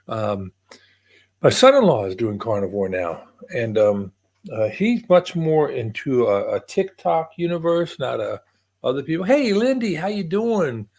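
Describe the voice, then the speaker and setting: Husky-voiced older man, chatty and lively. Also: medium pitch. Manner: rambling, chatty, greets viewers by name. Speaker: livestream host. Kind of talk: casual livestream chat.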